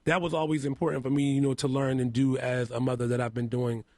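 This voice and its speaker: A man being interviewed on a radio show in a studio, telling stories about his work with lively energy and acting out what people said. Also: mid-range voice, fast, dry recording. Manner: animated storyteller, acts out quotes loudly. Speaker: makeup artist and house mother, guest.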